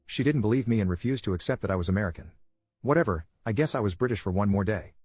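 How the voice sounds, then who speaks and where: A man's voice: lowish voice, expressive, fast, darkish tone, slightly rough, dry recording. A man reading a funny first-person story aloud as scripted narration, matter-of-fact.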